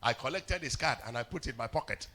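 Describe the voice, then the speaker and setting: A male pastor preaching a sermon in church, telling stories, often stammering on words and building up to shouts. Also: mid-range voice, expressive, fast talker, slightly rough. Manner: storytelling preacher, rising to shouts, stammered repeats. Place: church hall.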